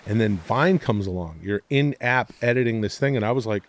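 A man's voice: on the low side, brisk, few pauses, no room sound. A man telling comic stories on a podcast, loose and profane, slipping into silly voices for the people he quotes. The sound is dry and close, with no room around it. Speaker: podcast guest. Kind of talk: animated comedic storytelling.

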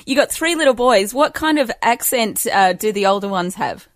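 A woman's voice: a little high, animated, normal speed, no echo, studio quality. A woman hosting an interview, asking friendly questions and affirming her guest. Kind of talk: conversational interview.

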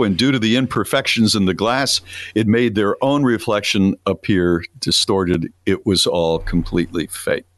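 A man's voice: fairly low pitch, dry recording. A man co-hosting a podcast, reading listener stories in a plain, matter-of-fact way. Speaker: podcast co-host.

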